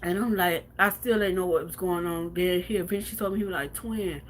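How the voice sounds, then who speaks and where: A woman's voice: lowish voice, steady tone, fast, slight background noise. A woman livestreaming from home, telling a painful personal story in a blunt, profane way with lots of repetition, then reading out viewer comments.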